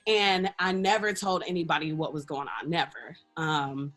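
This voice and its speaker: A woman's voice: low-pitched, normal speed, faint music behind. A woman guest in a casual interview, telling a personal story candidly and acting out the lines of people in it, often laughing. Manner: expressive, laughs often, acts out quoted dialogue. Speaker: interview guest, radio personality and life coach.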